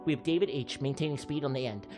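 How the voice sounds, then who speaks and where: A man hosting a livestream, calling comic races like an excitable sports commentator, jumping from mock-serious to shouting names. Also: medium pitch, fast talker, soft background music. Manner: excitable, jokey race-caller, shouting names. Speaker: livestream host running giveaway races.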